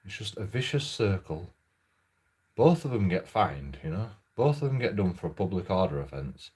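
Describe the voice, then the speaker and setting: Male host, low voice, loose halting storytelling with casual swearing. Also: very animated, darkish tone, husky. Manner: rambling, halting, swears freely. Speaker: channel host.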